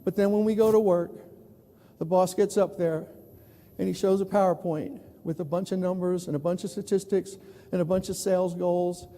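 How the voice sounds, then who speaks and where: Speaking in a steady tone at a moderate pace, this plenary speaker from New York tells stories during a conference keynote, imitating the voices of those he quotes. Though his voice is high, it sounds deep and mellow, echoing with the lengthy reverb of a big hall.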